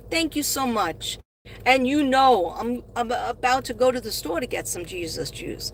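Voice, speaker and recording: A woman's voice: a little high, lively intonation, normal speed, slight background noise. A middle-aged woman hosting a casual live stream from her car, talking to viewers in a rambling, chatty way and gushing when she thanks them. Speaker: live-stream host and astrology reader. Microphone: phone.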